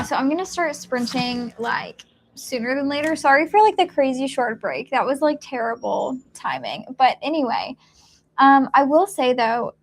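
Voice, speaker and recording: A woman's voice: sits high, creaky. A woman hosting a casual reading live stream from home, chatting in a rambling way with lots of fillers and little laughs. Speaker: book streamer host.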